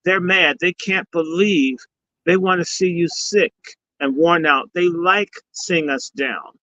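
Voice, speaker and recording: Talking slowly in a fairly high, bright, forceful voice, a guest speaker and summit organizer mixes sermon-like blessings with swearing on a live stream. He comes through a video call with no echo, though the stream audio sounds dull and lo-fi.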